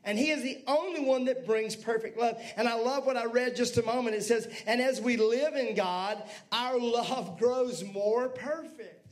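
Man, pastor, very high voice, lively sermon, talks to the congregation. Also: moderate pace, hardly any pauses. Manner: lively preaching with asides to the congregation.

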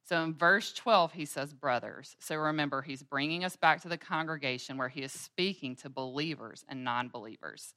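A woman's voice: low voice, normal speed, few pauses, pushed and bright, dry recording, clean studio sound. A woman in her thirties teaching a women's Bible study, telling everyday stories in an earnest way. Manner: earnest storytelling, acting out everyday scenes with quoted voices.

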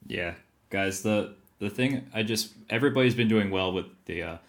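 Very deep-voiced man, chatty podcast host. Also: moderate pace. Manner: chatty, hesitant, jokey. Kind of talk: casual podcast chat.

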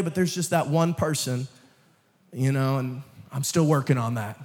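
A young man preaching a sermon, dropping to quiet, joking asides and then rising to loud, emphatic calls to the congregation. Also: mid-range voice, normal speed, long reverb tail. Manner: jokes with the congregation and laughs. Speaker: guest preacher. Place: church sanctuary.

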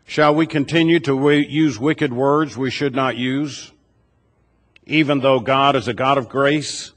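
A man preaches to his congregation at a middle pitch, laying out his points in a measured way and stacking up rhetorical questions one after another. His voice rings out with the long reverb of a church hall. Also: fairly even intonation. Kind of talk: sermon. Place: church sanctuary.

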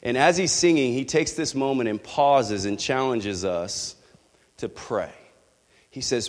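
A man's voice: on the low side, unhurried. Man preaching in a reverberant hall. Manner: candid, personal storytelling with rising passion. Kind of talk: sermon.

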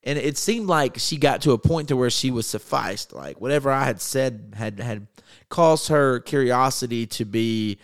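A man preaching in an earnest storytelling way, often halting and restarting as he recounts a personal story. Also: medium pitch, dry recording, clean studio sound. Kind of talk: storytelling sermon.

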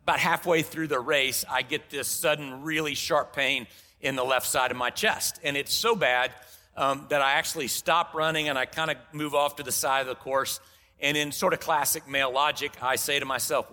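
A man preaching a sermon as pastor, telling a story in an animated way and acting out the dialogue. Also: on the high side, normal speed. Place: large church sanctuary. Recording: long hall reverb.

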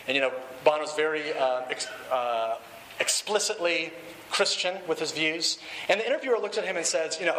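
Middle-aged male pastor, high and forceful, emphatic sermon delivery. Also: a little hiss or hum, rough recording. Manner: emphatic, slows down and drops pitch for key points.

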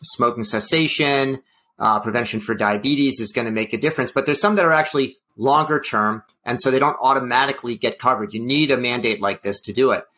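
A man's voice: medium pitch, fairly quick, sharp tone. A man co-hosting a health policy talk show, speaking in a wry, hedging way with many fillers. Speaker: podcast co-host. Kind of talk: casual policy discussion.

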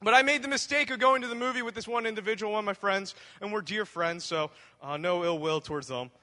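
Bright-voiced man preaching in a reverberant hall. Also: high voice, fast. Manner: conversational, humorous, addresses the congregation directly. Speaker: pastor. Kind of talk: sermon with personal storytelling.

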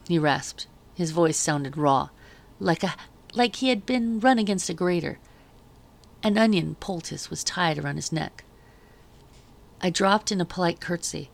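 Gravelly-voiced woman reading a novel aloud. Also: lowish voice, measured pace.

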